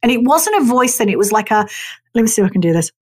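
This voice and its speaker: Woman, 40s or older, podcast host, frank, sweary, laughs a lot, slightly high voice. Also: fast talker. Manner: frank, sweary, animated, laughs often, acts out her own past thoughts. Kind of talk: candid solo podcast monologue.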